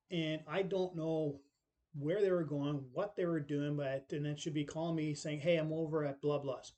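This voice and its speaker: A middle-aged man recounts a personal story in loose, rambling talk. His voice sits a little high for a man yet sounds mellow and relaxed. He keeps tossing in tag questions and acting out what others said. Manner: rambling, full of tag questions and acted-out quotes. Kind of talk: casual spoken storytelling.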